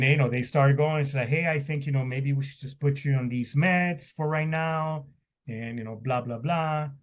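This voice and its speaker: A middle-aged man, a military veteran, telling his personal story in an interview. He speaks candidly and with raw emotion, often stopping and repeating words. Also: mid-range voice. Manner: halting, with many restarts and repeated words.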